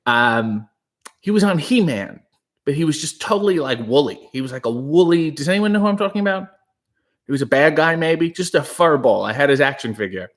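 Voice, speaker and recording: Hushed, breathy man riffing on a livestream. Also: on the high side, expressive, fairly quick. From Canada. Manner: breathy, hushed, rambling and joking. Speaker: livestream host reading chat. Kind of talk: casual live chat. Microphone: new studio microphone.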